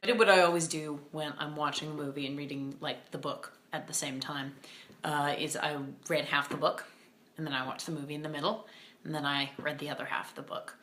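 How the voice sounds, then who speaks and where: Bright-voiced chatty young woman vlogger. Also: low voice, a little hiss or hum. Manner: chatty and animated, with playful emphasis and quick asides. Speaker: book vlogger. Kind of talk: casual chat.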